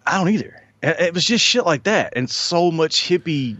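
A man's voice: on the high side, lively intonation, moderate pace, fairly bright tone, husky, no room sound. A man in casual chat, blunt and dismissive, swearing freely. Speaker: podcast co-host. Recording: dull dry lo-fi sound.

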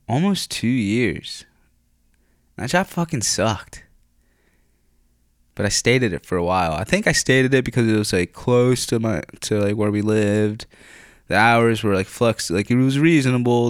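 Young Philly guy, lowish voice, dry close sound, swears and rambles through a casual story. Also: dry recording. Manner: rambling, profane, filler-heavy, frequent throat clearing.

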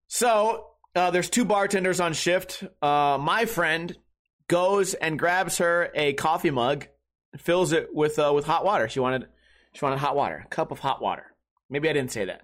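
A young adult man hosting a podcast, telling a comic story in a profane, ranting way with quick bursts. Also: on the high side, fairly bright tone. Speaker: podcast host. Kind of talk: comedic storytelling rant.

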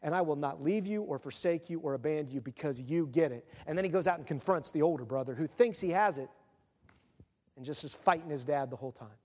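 A middle-aged male pastor delivers an earnest, confessional sermon. His voice sits high for a man. It rings with the long reverb of a hall. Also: a little mellow.

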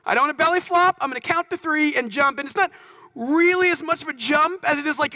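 A man from North Texas speaking to an audience, telling stories in an animated, conversational way and often checking in with "right?". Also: very high voice, rough recording. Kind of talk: storytelling talk.

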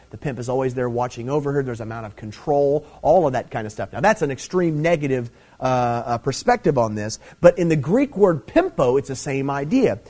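A middle-aged man with a medium-pitched, darkish voice preaches a Bible teaching sermon. He talks conversationally with many fillers, swelling now and then into emphatic stresses.

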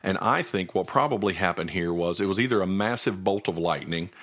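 A man's voice: low-pitched, fairly quick, a bit bright. A man co-hosting a Bible study, earnestly explaining verses in a conversational way and thinking aloud. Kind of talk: conversational scripture teaching.

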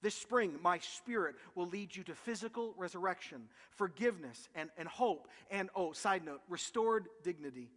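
A man preaching a sermon as pastor, emphatic and animated, often acting out quotes from scripture. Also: sits high, moderate pace, few pauses. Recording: long hall reverb.

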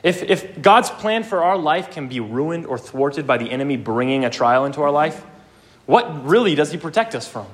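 A man's voice: on the high side, very animated, normal speed. A young man preaching a sermon, earnest and emphatic, with casual asides.

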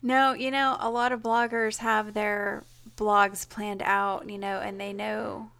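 A woman's voice: mid-range voice, flat delivery, takes it slowly, vocal fry, a bit bright, clear, resonant tone. A woman who blogs, co-hosting a casual chat, teasing and laughing easily. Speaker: blogger, co-host.

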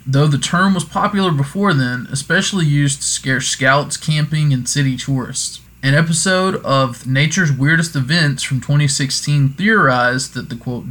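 Man, host, casual folklore talk, digressive, jokey asides, self-correcting, average pitch. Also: a bit bright. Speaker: podcast host.

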